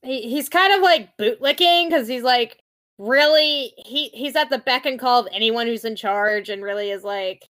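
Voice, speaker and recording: A woman's voice: fairly high pitch, moderate pace, fairly bright tone. A woman in her thirties co-hosting a casual podcast chat, mostly short, playful agreeing replies. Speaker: podcast co-host. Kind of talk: casual chat reviewing a TV show.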